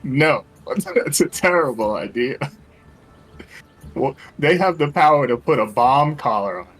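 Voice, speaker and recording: A man's voice: medium pitch, lively intonation, a little slow, a bit bright, faint music behind. A man playing a tabletop game, partly in character, polite and laughing often. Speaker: player.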